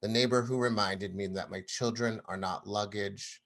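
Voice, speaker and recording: A man in his thirties telling a personal story to an audience, animated and acting out the people he quotes. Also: on the low side, moderate pace. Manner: animated, acts out quoted voices.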